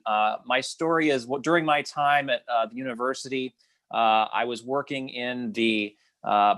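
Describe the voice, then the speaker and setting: A man's voice: medium pitch, fairly bright tone. A man, a startup founder, telling his company's founding story on a video call panel, hesitant with many filler words.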